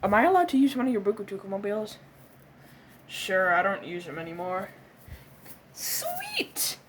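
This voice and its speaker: A woman performing a comedic skit, voicing quarrelling characters with cursing, yelps and shouting outbursts. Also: mid-range voice, lively intonation, fairly quick, noisy background.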